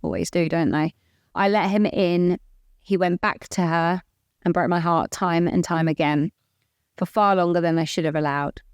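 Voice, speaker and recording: A woman's voice: lowish voice, moderate pace, smooth, no echo, clean studio sound. A woman co-hosting a podcast, reading a listener's letter aloud and getting emotional. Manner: emotional, voice catching at times. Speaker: podcast co-host.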